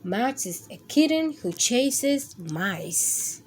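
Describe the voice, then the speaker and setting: A woman reading picture books aloud to children with a gentle, expressive storytime manner. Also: on the high side, extremely slow, slight background noise. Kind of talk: read-aloud storytime for kids.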